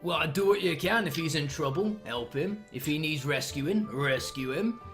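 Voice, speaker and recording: A man playing a gruff, brusque tavern keeper handing out a job. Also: on the high side, normal speed, fairly bright tone, faint music behind, lightly acted. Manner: brusque, swearing, businesslike.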